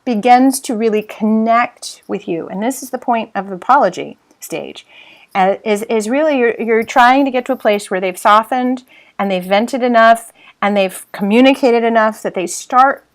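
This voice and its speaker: A woman's voice: a little high, normal speed. A woman giving a recorded customer service training lecture, emphatic, often repeating herself and acting out example phrases.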